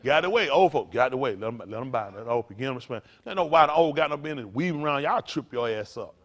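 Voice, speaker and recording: An older man preaching to a congregation, in a folksy, playful way with sudden loud bursts. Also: mid-range voice, lively intonation, very fast. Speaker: pastor.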